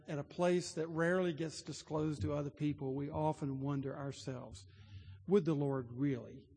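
A man preaches a sermon, telling stories earnestly and rising to emphatic points. His voice is a little high, with a darkish tone and a breathy edge, and the recording carries long hall reverb.

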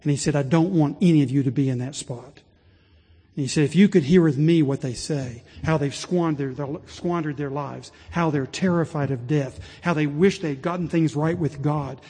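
A man preaching a sermon as pastor, rising to impassioned pleading and dropping low and slow. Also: warm tone, breathy edge. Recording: long reverb of a large hall.

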